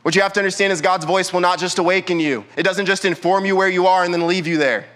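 A man's voice: sits high, flat delivery, fairly quick, few pauses, fairly bright tone. A young man, a youth pastor, preaching a sermon in church with emphatic, repeated rhetorical questions.

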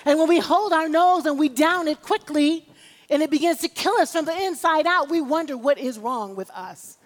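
High-voiced woman preaching in a reverberant hall. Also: normal speed. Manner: emphatic, rhythmic preaching with calls for amen. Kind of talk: sermon. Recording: long reverb of a large hall.

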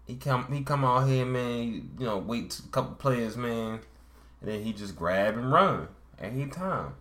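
A man's voice: mid-range voice, measured pace, bright, forceful tone, roomy sound, pitched above the performer's own voice. A man putting on the voice of a swaggering street hustler from a crime drama, in drawling, slang-heavy street talk. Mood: needling.

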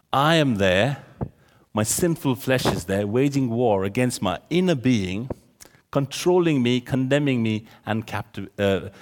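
A man with a mid-range voice preaches a sermon, working through scripture verse by verse in an expository style. He often checks in with the congregation by asking questions, and his voice trails off into a long reverb tail.

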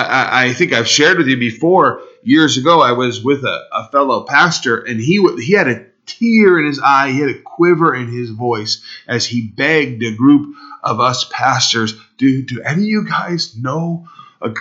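A man's voice: mid-range voice, sharp tone, muffled recording. A male pastor preaching an impassioned expository sermon, pleading and rising sharply for emphasis.

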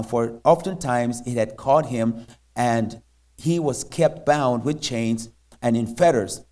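A man preaching as a missionary in a church, halting and full of fillers, then reading scripture aloud. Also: medium pitch, dark tone. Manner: halting, many fillers and restarts.

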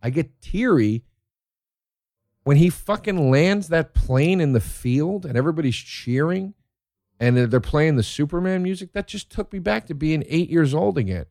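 A man's voice: on the high side, moderate pace, a little mellow, no echo, clean studio sound. A man telling rambling, profane stories in a casual monologue, easily worked up about the things he loves.

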